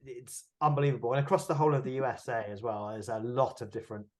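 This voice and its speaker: A man's voice: mid-range voice, little pitch movement, fast talker. A man with a Bristol accent talks through an interview in a middle-range voice. He reflects aloud and stumbles over repeated words as he gathers his thoughts. He sounds like an actor chatting about his work. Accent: West Country English, Bristol. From England. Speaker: actor and producer, interview guest. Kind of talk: conversational interview.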